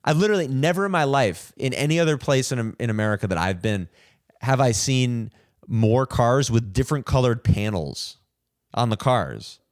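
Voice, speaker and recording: A man's voice: medium pitch, expressive, moderate pace, no room sound, clean studio sound. A young man hosting a solo podcast, rambling and self-deprecating, full of fillers and restarts. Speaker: podcast host.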